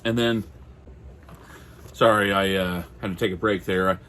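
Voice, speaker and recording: A man from Minnesota chatting casually on his own about comics, halting and apologetic with lots of fillers, his throat going dry. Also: deep voice, steady tone, fairly bright tone, slight background noise. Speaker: comic collector vlogger. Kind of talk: casual solo chat.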